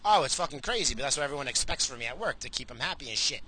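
Lively, bright-voiced man ranting while driving. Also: mid-range voice, very fast, slight background noise, poor audio. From United States. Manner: animated, swearing, self-mocking. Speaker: vlogger. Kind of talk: casual profane rant.

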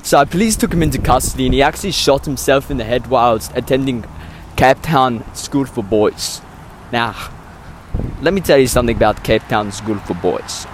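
A man hosting a comedy podcast in a mock South African accent, telling absurd stories in a meandering, deadpan way, full of hesitations. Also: mid-range voice, a little hiss or hum. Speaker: podcast host. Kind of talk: rambling comedic podcast monologue.

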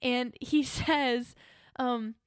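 A woman's voice: a little high, very slow, clean tone, no echo, studio quality. A young woman in casual chat, gushing about a TV drama and acting out lines from it. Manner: gushing, animated, quotes characters in voices.

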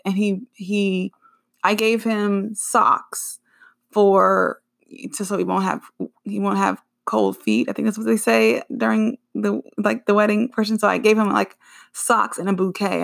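Chatty creaky-voiced woman podcaster. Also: medium pitch. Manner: chatty and rambling, with frequent self-corrections. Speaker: podcast host. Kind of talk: casual solo podcast chat.

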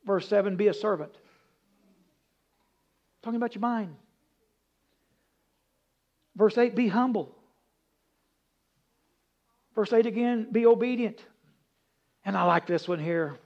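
High-voiced folksy male preacher. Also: slow, pauses often. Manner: rambling, humorous, shifts between loud emphasis and hushed asides. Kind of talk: folksy sermon with storytelling. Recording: dull lo-fi recording.

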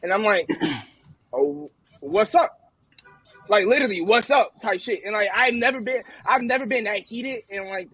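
A man co-hosting a podcast, telling a story in a loud, animated, profane way during a casual group chat. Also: high-pitched, slightly rough, rough recording. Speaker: podcast co-host.

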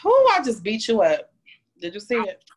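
A woman's voice: mid-range voice, sing-song, normal speed, darkish tone, slightly rough. A woman guest on a podcast talking in a blunt, teasing way and pressing hard for yes-or-no answers. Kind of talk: casual podcast debate.

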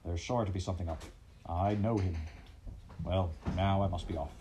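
A man's voice: deep voice, steady tone, moderate pace, muffled recording, background noise, natural voice. A man voicing a grave, weary old male badger who speaks with sighing firmness. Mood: stern.

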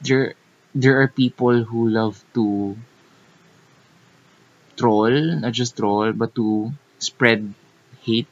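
A man's voice: mid-range voice, level tone, very slow, long pauses. A young Filipino man with a Filipino accent, co-hosting a casual podcast chat, hesitant and repeating himself as he searches for words. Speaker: podcast co-host. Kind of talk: casual conversation. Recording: muffled lo-fi recording.

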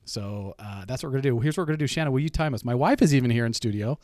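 A man's voice: mid-range voice, racing, a little mellow, no echo. A man hosting a podcast in a studio, talking in casual, upbeat bursts and laughing often. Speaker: podcast host. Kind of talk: casual chat.

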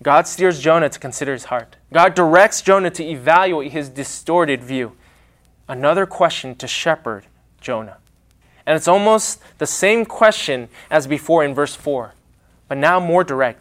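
A man preaching a sermon, with a dramatic, emphatic delivery and pauses. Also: on the high side, lively intonation, a bit bright.

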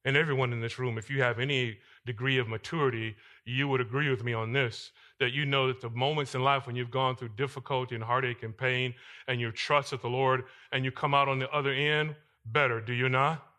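Impassioned male preacher with a bright voice. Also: medium pitch, steady tone, a little fast, hardly any pauses. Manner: impassioned, swings between loud emphasis and quiet asides. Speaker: pastor. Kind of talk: sermon. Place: church sanctuary.

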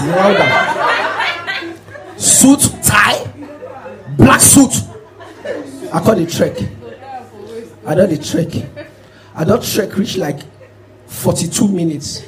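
A man telling a stand-up story in Nigerian Pidgin English, animated and punchy, moving from quiet asides to shouted punchlines. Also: high-pitched, slow, pauses often, a crowd in the background, rough recording. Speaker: stand-up comedian. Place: live comedy show before an audience. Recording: loud audience laughter throughout.

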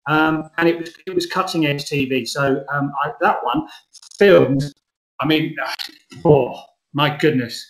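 A man's voice: fairly high pitch, a little slow. A middle-aged man, an actor, talking through his ideas in an earnest, rambling way during an interview. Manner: earnest, rambling, lively emphasis. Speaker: guest actor. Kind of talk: conversational interview. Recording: roomy echo.

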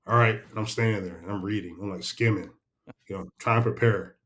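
A middle-aged man with a fairly low voice tells stories from his military service in a relaxed, casual way. He chuckles often, swears easily, and speaks in long, rambling stretches as a podcast guest. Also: a little fast. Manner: laid-back, chuckling, salty war-story telling. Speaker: podcast guest, retired senior military leader. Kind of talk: casual storytelling interview.

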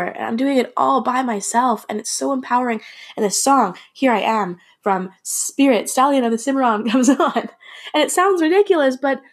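A young adult woman hosting a podcast, telling a personal story in a candid, emotional way, swearing and restarting as she goes. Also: on the high side.

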